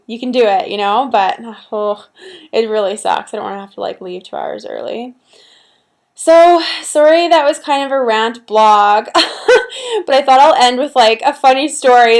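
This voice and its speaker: High-voiced chatty young woman vlogging. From Canada. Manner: chatty, rambling, many fillers, laughs often. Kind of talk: casual chat to camera. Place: at home, seated with a pillow at her back. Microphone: laptop built-in mic, laptop on her lap.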